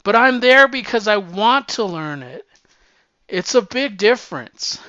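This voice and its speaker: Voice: medium pitch, expressive, measured pace, pushed and bright, dry recording. A person in their fifties talking candidly in a rambling, profane monologue, with frequent restarts and sounding slightly winded. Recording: dull lo-fi sound.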